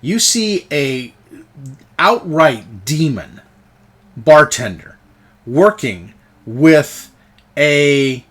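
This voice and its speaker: A man's voice: fairly high pitch, a bit bright. Chatty man running a tabletop game. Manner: chatty, laughs often, restarts mid-sentence. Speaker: game master.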